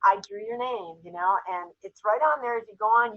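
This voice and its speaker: A woman's voice: a little high, normal speed, fairly bright tone. Woman for a sales team call, heartfelt storyteller, slightly dull lo-fi sound. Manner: emotional, storytelling, tearful at times. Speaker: jewelry sales team member. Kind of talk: casual group call.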